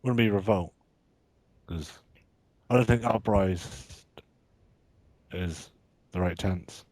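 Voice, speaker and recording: A man co-hosting a casual podcast over a voice call, dropping wry deadpan quips. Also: low voice, takes it slowly, no room sound. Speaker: podcast co-host. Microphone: computer mic on a voice call.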